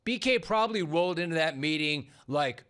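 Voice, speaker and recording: A man's voice: fairly high pitch, animated, a little fast, fairly bright tone, clean tone. A man hosting a sports talk show, delivering a punchy, sarcastic monologue full of rhetorical questions.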